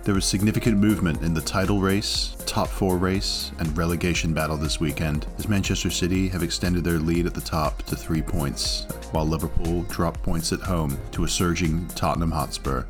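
A man co-hosting a football podcast in a very deep voice, playful and teasing. Faint music runs under his talk. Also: steady tone, moderate pace, few pauses. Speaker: podcast co-host. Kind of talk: casual football podcast chat.

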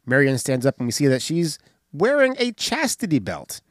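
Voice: mid-range voice, moderate pace, dry recording, studio quality. A podcast host casually recapping a comedy film scene by scene. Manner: animated, recounts scenes and does voices.

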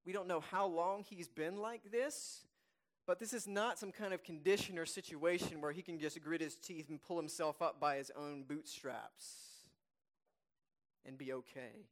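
Emphatic preacher man with a higher voice. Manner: emphatic, repeats key phrases; reads scripture slowly and softly. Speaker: pastor. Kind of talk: sermon.

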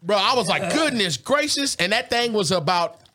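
A man's voice: high-pitched, a little fast. A young man, telling a wild story in casual slang as co-host of a food review show. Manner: animated, slangy, loud bursts when excited.

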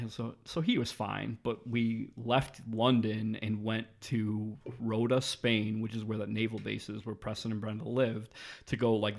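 A man's voice: on the low side, gravelly. An American man telling a rambling, profane story in casual chat, now and then mimicking other people's voices. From United States.

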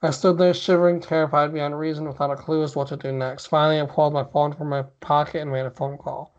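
A man's voice: fairly high pitch, level tone, fast. A man co-hosting a podcast, reading a spooky story aloud with mock drama and stopping now and then to laugh and chat. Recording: dull lo-fi podcast audio.

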